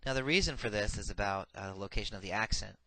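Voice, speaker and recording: Male teacher, lowish voice, dry sound, methodical, recites forms one by one, uh fillers. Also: bright, forceful tone, no echo, poor audio. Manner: methodical, recites paradigms slowly, frequent "uh" fillers. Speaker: Hebrew grammar teacher. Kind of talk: recorded lecture.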